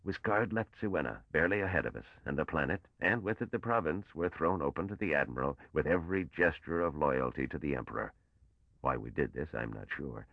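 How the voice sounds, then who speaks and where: An older man's voice, played by a man, as a bitter and weary old patrician who speaks slowly. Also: extremely low pitch, gravelly, no echo, narrow, tinny audio, exaggerated voice.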